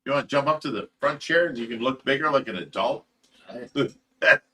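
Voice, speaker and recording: Man, middle-aged, livestream host, laughs a lot, bright forceful voice. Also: medium pitch, expressive, fairly quick, husky. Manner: loud, laughing, reads viewer comments aloud. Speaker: livestream host reading chat. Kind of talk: casual livestream chat. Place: fish room at home.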